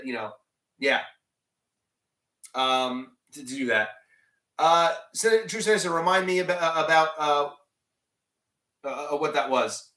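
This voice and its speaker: Rambling man with a higher voice. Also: bright, forceful tone, roomy sound. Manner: rambling, many restarts and fillers, reads chat questions aloud. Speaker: live stream host. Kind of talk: casual live stream chat.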